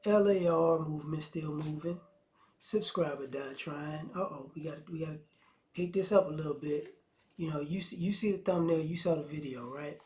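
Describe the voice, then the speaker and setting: Man, channel host, high voice, easygoing slangy commentary. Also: normal speed, a little hiss or hum. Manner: relaxed and conversational, with slang and restarts. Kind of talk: casual video commentary.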